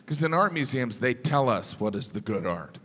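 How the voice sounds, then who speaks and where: A man from the American Midwest doing a deadpan stand-up routine on a theater stage, jumping into high, mocking voices for the people in his jokes. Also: moderate pace, slight background noise. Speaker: stand-up comedian. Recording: reverberant theater with audience laughter. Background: audience laughter.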